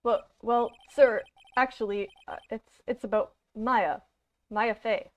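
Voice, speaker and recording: A woman's voice: a little high, fairly even intonation, slow pace. A woman voicing an earnest young male defense lawyer, polite and a bit hesitant, over dull lo-fi audio.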